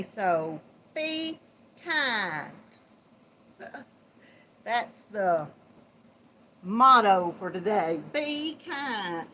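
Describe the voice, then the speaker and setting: A woman's voice: a little high, bright, forceful tone, a little hiss or hum, rough recording. A woman with a Southern US accent hosting a casual live-stream chat. She greets her viewers by name, chatting and laughing often. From Georgia, USA. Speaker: crochet channel host.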